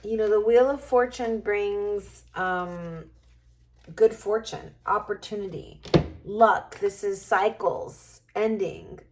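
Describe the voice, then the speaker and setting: A woman reads tarot cards to her viewers in a casual, musing way, thinking aloud as she goes. Her voice sits at a middle pitch, and she talks at a slow, unhurried pace. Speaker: tarot reader. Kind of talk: casual tarot reading to camera.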